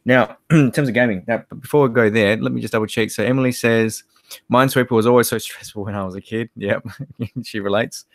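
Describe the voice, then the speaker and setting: A man's voice: mid-range voice, steady tone, brisk, no room sound, clean studio sound. A young Australian man co-hosting a live stream, reading viewer comments and telling rambling stories. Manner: rambling, laid-back storytelling with many fillers.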